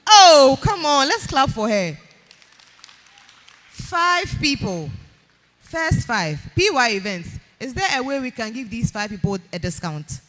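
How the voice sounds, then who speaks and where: Lively Ghanaian woman hyping a crowd. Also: high-pitched, unhurried. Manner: energetic, coaxing, repetitive calls to come up. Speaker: event host. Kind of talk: hyping up a live audience. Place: live event hall with music playing. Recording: faint background music.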